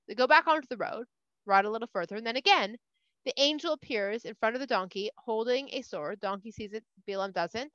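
A woman's voice: on the high side, lively intonation, a little fast, a bit bright, no room sound. A woman casually retelling a scripture story for kids, chatty and full of "like", in a dull, dry recording. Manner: chatty, uses "like" a lot.

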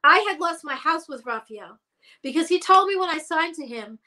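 A woman with a high, bright voice tells stories in a relaxed interview. She is animated and slips into the voices of the people she quotes. Her tone stays sharp and forward. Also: normal speed. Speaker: guest singer. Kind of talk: casual storytelling interview.

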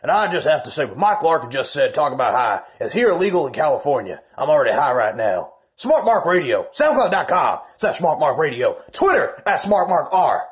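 A man's voice: on the high side, sing-song, brisk, hardly any pauses. A man voicing a cocky male radio show host who plugs his own show in a laid-back, self-promoting way. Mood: smug.

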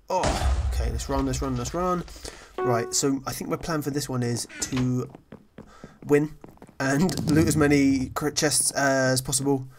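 A man's voice: medium pitch, background noise. A man giving casual, rambling commentary over his own gameplay, chatty, apologetic and self-deprecating. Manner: frequently apologetic. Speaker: gaming channel host.

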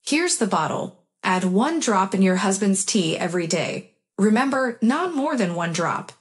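A woman's voice: mid-range voice, very animated, a little slow. Figure: shrewd, sinister witch, read by a woman. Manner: cool and warning. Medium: audio story. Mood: cold.

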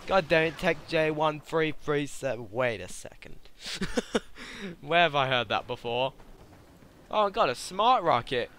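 A young man doing excitable gameplay commentary, laughing often and shouting at the game. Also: fairly high pitch, a little hiss or hum. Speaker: gaming YouTuber.

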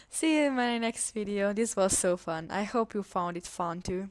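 A woman's voice: medium pitch, measured pace, no echo. A woman hosting a gameplay video, signing off to viewers in a cheerful, apologetic and laughing way. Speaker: game video host. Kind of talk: casual sign-off to viewers.

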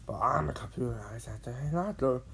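A woman's voice: rumbling low, lively intonation, measured pace, creaky, a bit bright, breathy edge, full character voice. A woman voicing a coaxing talking computerized locker in a storybook.

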